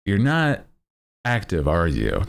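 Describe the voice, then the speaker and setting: A man's voice: low-pitched, wildly swooping pitch, takes it slowly, creaky, exaggerated voice. A man doing a blunt, teasing doctor. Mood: mock-concerned. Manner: mock-serious, teasing. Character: blunt male doctor scolding a patient.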